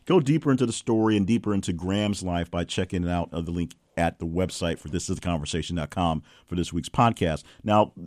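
Wry low-voiced male podcast host. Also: brisk, hardly any pauses, darkish tone, no echo, clean studio sound. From Southern US. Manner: wry, playful, mock-outraged asides. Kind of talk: news countdown podcast, reading headlines with jokey asides.

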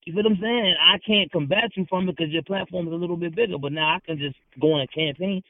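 A heated man with a fairly high voice comes through a tinny, phone-like line with no room sound. He argues hard, repeats his points and speaks in street slang as a podcast guest. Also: fast talker, no room sound. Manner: heated, repetitive, confrontational, slangy.

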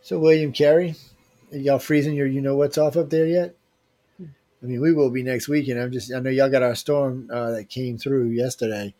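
A man with a warm, steady, medium-pitched voice talks at normal speed. Running a casual giveaway on his livestream, he reads viewer emails out and jokes at their expense in loose slang.

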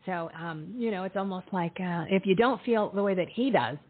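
A woman's voice: lowish voice, normal speed. A woman hosting a talk show, chatting in a loose, opinionated way with many fillers. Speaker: host. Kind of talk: casual talk show monologue. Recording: tinny phone-like line.

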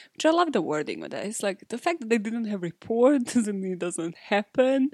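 A woman's voice: a little high, darkish tone, no echo, studio quality. A woman hosting a podcast, telling a true-crime story in a casual, profane, chatty way with sarcastic asides. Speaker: podcast host.

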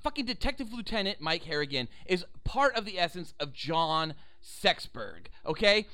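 Excitable, high-voiced young man. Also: moderate pace, no room sound. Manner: excitable, profane, reenacts movie scenes. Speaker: podcast co-host. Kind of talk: casual chat.

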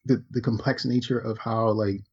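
A man's voice: medium pitch, steady tone, darkish tone, husky. A man co-hosting a podcast in loose, slangy, profane banter, riffing and joking at length. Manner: laid-back, slangy and profane, drawn-out joking riffs. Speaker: podcast co-host. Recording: dull lo-fi podcast audio.

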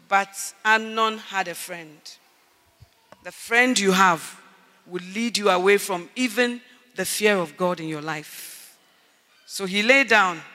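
High-pitched, fervent male preacher in hall. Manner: emphatic, shouting at peaks, calls for Amen. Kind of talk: sermon. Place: large conference hall. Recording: echoey hall reverb.

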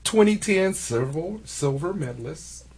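A man's voice: on the high side, animated, a little slow, crowd noise. A man co-hosting a casual podcast, laughing a lot and stumbling over names as he reads them out. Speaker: podcast co-host. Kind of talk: casual banter.

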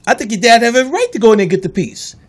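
Man, radio co-host, high voice, rapid speech, pushy debating, AAVE. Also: very animated. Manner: fast, insistent, talks over others. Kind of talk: heated casual debate.

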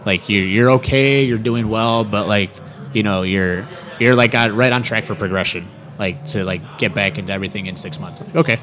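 A man's voice: fairly low pitch, fairly quick, a bit bright. A young man, a wrestler, telling a story in a casual interview, rambling with lots of fillers and acting out quotes. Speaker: professional wrestler.

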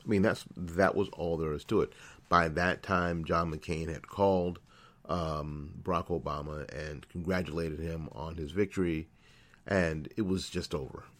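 A middle-aged man with a very low, deep voice talks into a studio microphone. He hosts his own internet radio show and tells a personal story in a loose, casual monologue, often repeating words and restarting sentences. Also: steady tone, a little slow, a bit bright. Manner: storytelling, repeats phrases, self-corrects.

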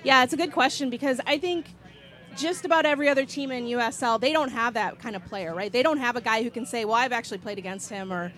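Outdoors at a stadium, a woman with a slightly high voice chats casually as a guest reporter on a pregame show, weighing her answers and hedging her predictions. She speaks fast in a fairly bright tone.

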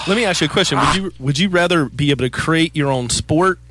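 A man's voice: fairly high pitch, fairly quick, fairly bright tone, no room sound. A man with a Southern US accent co-hosting a sports radio show, joking in easygoing banter.

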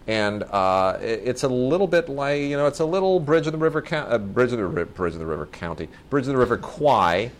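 A film review co-host with a sing-song, medium-pitched voice talks fairly quickly with few pauses in a casual movie chat. Enthusiastic and rambling, he often restarts and corrects himself mid-sentence.

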